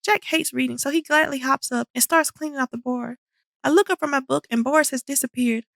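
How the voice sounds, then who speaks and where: A woman reading a children's storybook aloud in an animated, expressive way. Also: sits high, brisk, creaky, no echo, studio quality. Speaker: storybook reader. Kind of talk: children's book read-aloud.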